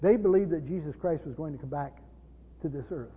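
High-voiced pastor teaching in reverberant church. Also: male voice, fairly quick, slightly rough. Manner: emphatic, asks rhetorical questions. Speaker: pastor teaching Bible study. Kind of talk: teaching sermon. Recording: dull lo-fi recording with long hall reverb.

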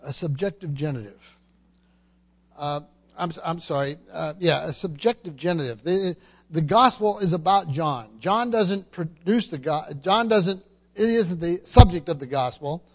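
A man's voice: a little high, lively intonation, unhurried. A man preaching a sermon, emphatic and teaching, often repeating words and asking the congregation questions.

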